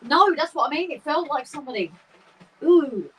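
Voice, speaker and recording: A woman co-hosting a casual livestream from a garden shed, talking excitedly and laughing often. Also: sits high, normal speed. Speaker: livestream co-host. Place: garden shed with model railway. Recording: slightly distant mic with faint room noise.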